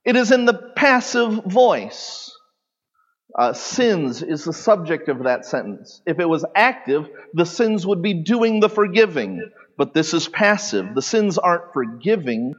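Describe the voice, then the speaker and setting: A pastor preaching a sermon, teaching animatedly with sudden loud peaks and soft drops, in a large church sanctuary. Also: male voice, on the high side, animated, unhurried. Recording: long hall reverb, dull lo-fi sound.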